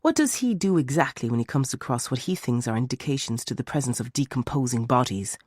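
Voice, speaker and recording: A man's voice: mid-range voice, animated, fairly quick, a little mellow, dry recording, studio quality, lightly acted. A man voicing a male defence barrister who questions a witness sharply and persistently. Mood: probing. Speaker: defence lawyer.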